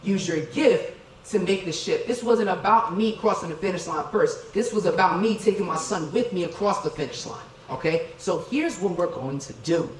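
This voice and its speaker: A middle-aged man giving a motivational keynote in an event hall, energetic, calling for crowd responses and counting out dance moves. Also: sits high, normal speed, hardly any pauses, a little hiss or hum. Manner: energetic, leads crowd through dance counts, keeps asking "okay?". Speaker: keynote speaker. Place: event hall with tables and chairs. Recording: echoey hall, voice from a distance.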